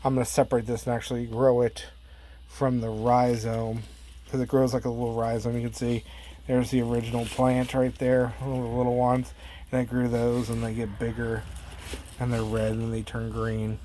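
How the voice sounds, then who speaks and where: A man hosting a casual gardening vlog, rambling in a relaxed way with lots of fillers and trailing asides. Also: medium pitch, a little hiss or hum. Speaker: plant grower and channel host.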